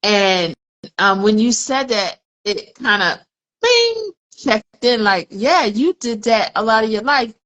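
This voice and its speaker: Bright-voiced woman telling a candid story. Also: a little high, sing-song, slow, highs cut off. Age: 40s. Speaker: podcast co-host. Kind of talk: casual podcast conversation.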